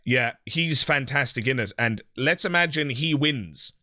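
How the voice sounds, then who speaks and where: Irish host guy, bright forceful voice, opinionated, dry close mic. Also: medium pitch, a little slow, dry recording. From Ireland. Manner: opinionated, animated, laughs often. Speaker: podcast host. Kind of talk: casual chat.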